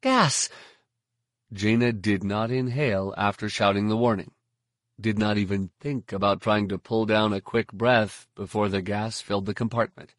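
A man reading scripted audiobook narration in a steady, even storytelling manner. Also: fairly low pitch, normal speed, no echo, studio quality.

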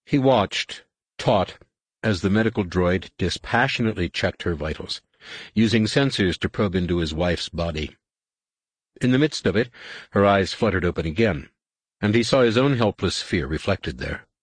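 A man narrating a novel in a steady, measured reading. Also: deep voice, slightly rough, dry recording. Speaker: audiobook narrator. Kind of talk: scripted narration.

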